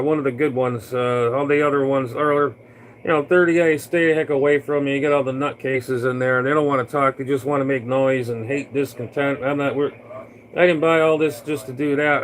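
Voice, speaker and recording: A man's voice: medium pitch, fairly bright tone, rough recording. Casual cb guy, rambly and friendly-folksy, bit of hiss behind him. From Florida. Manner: folksy, rambling, many fillers. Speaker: CB radio operator. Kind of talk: casual radio chat.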